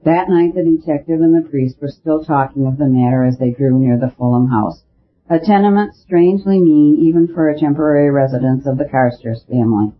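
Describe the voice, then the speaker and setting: A man narrating a detective story in a steady, measured reading. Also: fairly high pitch. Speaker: audiobook narrator. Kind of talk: scripted narration. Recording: narrow phone-like sound.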